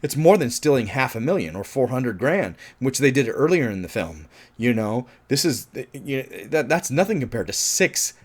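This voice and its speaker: Animated, rambling man reviewing a film. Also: mid-range voice, normal speed, hardly any pauses, husky. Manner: rambling and animated, swears often, laughs, restarts a lot. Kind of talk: casual spoken film review.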